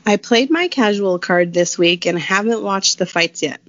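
A woman's voice: medium pitch, lively intonation, normal speed, no echo, highs cut off. A woman co-hosting a podcast in casual chat, reading out listener questions in an easygoing, hesitant way and giggling now and then. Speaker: podcast co-host.

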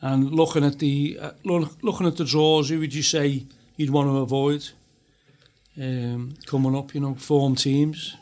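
A man's voice: mid-range voice, little pitch movement, moderate pace, darkish tone. A man hosting a casual football chat, rambling with many fillers and restarts. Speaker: host.

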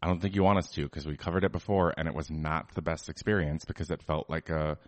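A man with a deep voice talks casually in a relaxed chat. He speaks with frequent "um"s and "like"s as he gives his opinions. The recording is dry and close, with no room sound. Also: fast talker, dry recording. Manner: chatty, opinionated, many fillers. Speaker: podcast co-host.

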